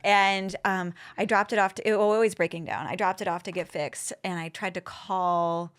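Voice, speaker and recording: A middle-aged woman comedian hosting a casual chat, telling lively stories and acting out the people in them. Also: medium pitch, normal speed, clean tone. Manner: animated storyteller who acts out quoted voices. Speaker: comedian host.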